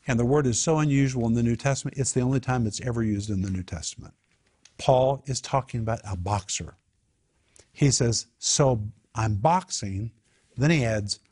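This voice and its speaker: A man's voice: mid-range voice, darkish tone. A man teaching a Bible study in an emphatic way, repeating his key phrases.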